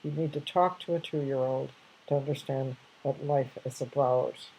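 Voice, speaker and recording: A woman's voice: extremely low pitch, fairly even intonation, measured pace, gravelly, dark tone, slight background noise, low-quality recording. An older woman casually sharing reflective anecdotes, rambling with many restarts and fillers.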